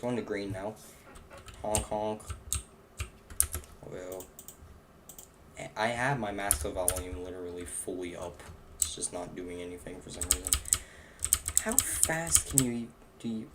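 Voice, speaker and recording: A man's voice: deep voice, background noise. A young man live-streaming a game, chatting casually and rambling to himself and his cat. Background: keyboard clicks and typing.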